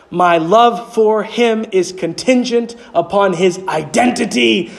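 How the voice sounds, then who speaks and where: A male pastor delivering a sermon. He asks rhetorical questions and answers them himself, and his voice climbs higher on the key points. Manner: emphatic preaching, voice climbing high on key points.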